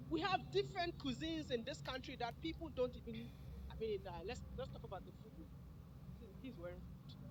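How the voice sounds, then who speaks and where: A man's voice: extremely high pitch, noisy background. A man giving a motivational speech at a summit, joking and speaking straight to the crowd. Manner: joking, addresses the crowd directly.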